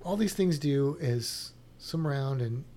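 The voice is mid-range and dark, with lively intonation and an unhurried pace. It belongs to a science educator casually reacting to a show lineup, musing aloud with restarts and a skeptical edge.

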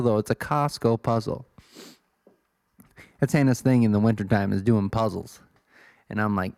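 A man's voice: on the low side, moderate pace, vocal fry, long pauses, a little mellow, no echo, studio quality. Rambling self-deprecating young man. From Illinois, USA. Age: 20s. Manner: self-deprecating, swears, wanders off topic. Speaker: podcast host. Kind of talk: casual rambling monologue.

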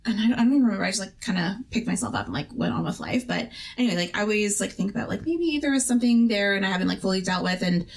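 A young woman from Canada, a podcast co-host, telling a personal story in casual chat with halting, rambling speech. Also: medium pitch, animated.

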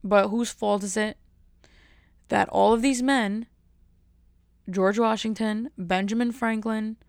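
A woman's voice: mid-range voice, steady tone, slow pace, dry recording, studio quality. A woman chatting casually to her viewers, rambling and joking at her own expense. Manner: rambling, jokey, self-mocking. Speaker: vlogger. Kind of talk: casual chat to camera.

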